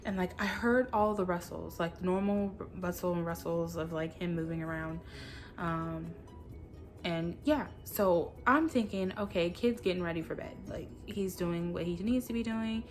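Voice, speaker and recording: Chatty lower-voiced woman telling a story. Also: moderate pace, faint music behind. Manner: rambling, heavy use of "like", animated retelling. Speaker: vlogger, mother. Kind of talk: casual storytime vlog.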